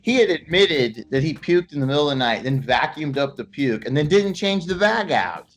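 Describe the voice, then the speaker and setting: A man's voice: a little high, normal speed. A man hosting a casual sports podcast, telling joking stories and chatting with his co-host. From Los Angeles, California. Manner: joking storyteller, lively swings in loudness.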